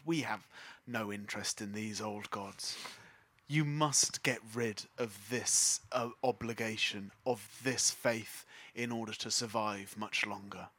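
A man's voice: medium pitch, a bit bright, no room sound, pitched below the performer's own voice. A man playing a grim doom-preaching priest. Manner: grave, ominous prophecy. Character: doom-preaching male priest of new gods.

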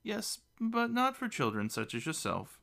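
A man's voice: high voice, wildly swooping pitch, unhurried, creaky, fairly bright tone, pitched above the performer's own voice, heavily acted. A man voicing an ancient, small male gnome ambassador who is playful and grandly formal. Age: older. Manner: mischievous, theatrical, grandly formal.

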